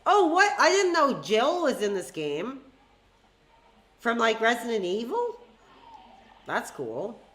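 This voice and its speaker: A woman's voice: a little high, very animated, slow pace, pauses often, fairly bright tone. A woman hosting a live stream with fan call-ins, talking in a heated, ranting way with frequent swearing. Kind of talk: live-stream chat with fans.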